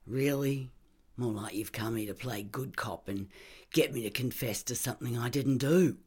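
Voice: medium pitch, moderate pace, darkish tone, slightly rough, lightly acted. A reader voicing a bitter, defensive young man in his early twenties, mumbling and hostile. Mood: sullen. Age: young adult. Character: sullen, defensive young male suspect in a hospital bed.

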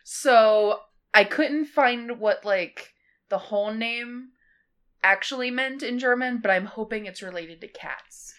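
A woman's voice: fairly high pitch, slow pace, a bit bright. A woman co-hosting a podcast, presenting a haunted place in easygoing chat with light laughs. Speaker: podcast co-host presenting the destination. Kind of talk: casual chat.

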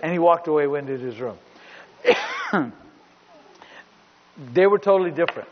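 A man's voice: a little high, wildly swooping pitch, normal speed, long pauses. Emphatic middle-aged male pastor. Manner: storytelling, emphatic, repeats himself. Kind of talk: sermon. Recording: dull recording in a big reverberant hall.

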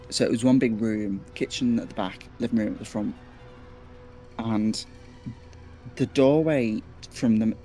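A man with a Liverpool accent, a podcast guest telling a story in a casual, animated way, repeating words and swearing now and then. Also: medium pitch. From Liverpool, England.

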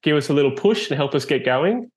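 A man hosting a casual chat as a foil coach, telling stories in a relaxed way with plenty of fillers. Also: on the high side, quick pace. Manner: laid-back, storytelling with many fillers.

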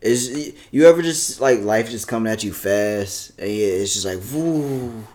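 A man with a somewhat low voice, chatting loosely on a podcast. He rambles and pokes fun at himself, admitting his own weaknesses in an offhand way. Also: animated, measured pace, a little mellow. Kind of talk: casual chat.

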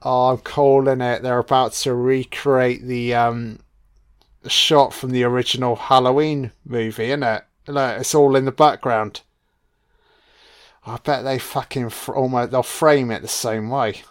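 A man's voice: medium pitch, fairly even intonation, a little slow, clear, resonant tone. A man giving profane, sarcastic reaction commentary on a film.

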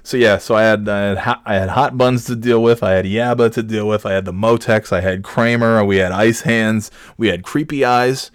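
A man with a fairly low voice tells a long, meandering story from his office days, swearing freely and tripping over fillers. He grows more worked up as the tale goes on. The sound is dry and close, with no room around it. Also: fairly even intonation, normal speed, few pauses, clean tone, no echo. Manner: rambling, profane, filler-heavy, growing exasperated. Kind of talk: casual anecdotal monologue.

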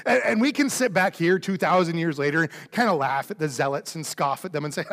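A man with a fairly high voice preaches an Easter sermon in a church sanctuary. His delivery is conversational and animated, slipping into the voices of the people he quotes. The sound carries a long hall reverb. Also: moderate pace. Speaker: pastor.

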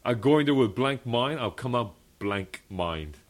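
Unhurried, with lively intonation in a mid-range voice, a young pastor shares his testimony before a fellowship meeting. He preaches earnestly and emphatically, laughs often, and repeats the phrases that matter most.

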